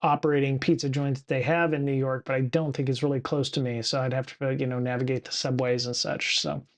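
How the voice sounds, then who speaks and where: A man's voice: mid-range voice, little pitch movement, a little fast. A man hosting a casual livestream show, rambling with lots of fillers and restarts from a home studio. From United States. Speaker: podcast host.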